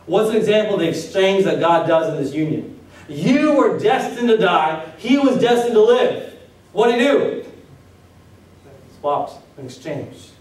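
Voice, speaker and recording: A man's voice: high voice, expressive, measured pace, a little mellow. A man preaching a sermon as pastor, firing off rhetorical questions at his congregation. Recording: very echoey room, voice from a distance.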